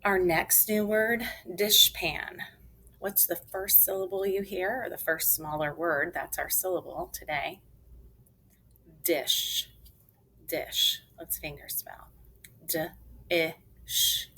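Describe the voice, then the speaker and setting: A woman teacher leading a phonics lesson for children, enunciating clearly and spelling words out letter by letter. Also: on the low side, fairly even intonation, takes it slowly, pushed and bright, rough recording.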